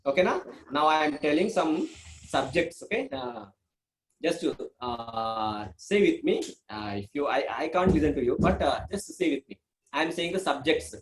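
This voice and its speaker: A man with an Indian English accent, speaking a little higher than most men, teaches a beginners' class in simple sentences. He repeats words, leans on "okay" and "uh", and his pitch jumps up and down as he explains. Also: moderate pace, rough recording. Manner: repeats himself, many fillers, lively pitch swings. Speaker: language teacher. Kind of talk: online lesson for beginners.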